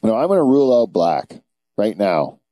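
A man hosts a casual podcast in a low, deeply mellow voice. He jokes crudely and rambles as he goes. The sound is dry and close. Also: big pitch swings, normal speed, no echo. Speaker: podcast host. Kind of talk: casual banter.

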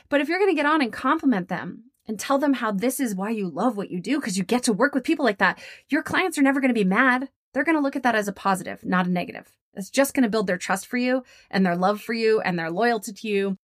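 A woman hosting a coaching podcast, talking photographers through ideas in a chatty, upbeat way and acting out quoted conversations with big jumps in pitch. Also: no echo, studio quality. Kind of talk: casual coaching monologue.

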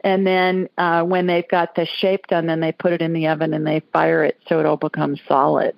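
A woman's voice: low-pitched, level tone, normal speed, vocal fry, no room sound, highs cut off. A woman from Alabama hosting a call-in radio show, talking in a chatty, folksy way. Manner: chatty, folksy, laughs easily. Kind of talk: casual call-in chat.

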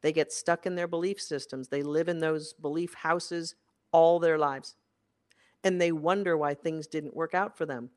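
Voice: fairly even intonation, moderate pace. A career coach delivering an emphatic motivational monologue, repeating key phrases for effect. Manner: emphatic and repetitive, with big swings in pitch and loudness.

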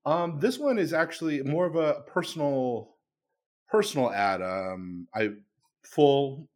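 A man's voice: medium pitch, expressive, unhurried, darkish tone. A man co-hosting a comedy podcast, talking casually and rambling into a jokey mock ad. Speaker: podcast co-host. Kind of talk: casual chat and a mock ad read.

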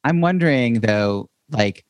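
A man's voice: medium pitch, lively intonation, takes it slowly, clear, resonant tone, dry recording. A man hosting an interview, asking long, winding questions full of "you know" and "like". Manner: rambling, long questions full of fillers and restarts. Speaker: podcast host.

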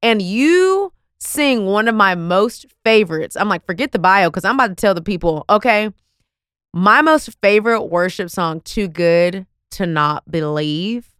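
Excitable woman podcast host, smooth voice. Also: mid-range voice, a little slow, no room sound, clean studio sound. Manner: excitable, playful, talks over herself. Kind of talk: casual podcast chat.

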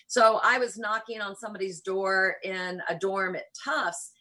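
A woman's voice: mid-range voice, a little slow, bright, forceful tone. An older woman from rural Kentucky with a faint Southern accent, telling stories in a reflective, lightly humorous interview. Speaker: interview guest, church missionary. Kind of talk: conversational interview.

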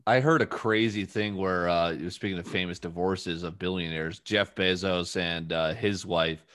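A man in his twenties talks casually as a podcast host, with a fairly low voice. He rambles through stories, full of fillers and restarts. The recording sounds dry and close, with no room echo. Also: steady tone, normal speed, fairly bright tone. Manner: rambling, filler-heavy storytelling. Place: home studio.

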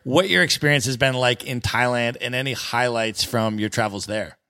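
A man's voice: mid-range voice, moderate pace, sharp tone. A man hosting a podcast, asking friendly, open questions and affirming his guest. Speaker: podcast host. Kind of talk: interview questions.

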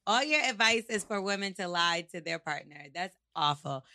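A woman's voice: medium pitch, expressive, normal speed, pushed and bright, no echo. A woman co-hosting a podcast in casual chat, speaking frankly and leading the segments. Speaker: podcast co-host.

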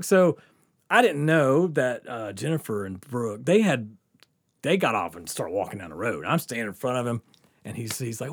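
A man's voice: medium pitch, normal speed, husky. A man hosting a podcast, telling a wild story in a casual, laughing, swearing way. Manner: swearing, laughing often, animated. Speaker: podcast host.

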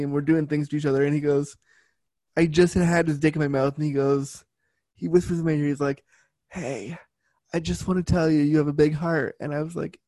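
A man's voice: on the high side, mellow, no room sound. A man talking as a guest, telling a personal story frankly and bluntly, with lots of fillers. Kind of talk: casual storytelling.

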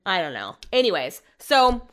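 A woman's voice: medium pitch, sing-song, moderate pace, a bit bright. A woman hosting a podcast, recapping a reality show in casual chat, blunt and sarcastic, swearing freely. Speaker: podcast host.

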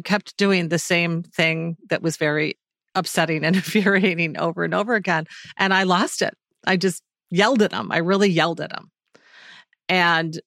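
A woman in her forties speaks as a podcast guest, candid and reflective, pausing to find her words. Her voice sits a little low for a woman. The recording is dry and close. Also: fairly bright tone, no room sound. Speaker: guest author. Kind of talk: reflective interview talk.

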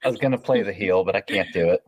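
A man's voice: low voice, fast talker, darkish tone, no room sound. A man joining a casual podcast chat as a guest, hesitant and repeating himself.

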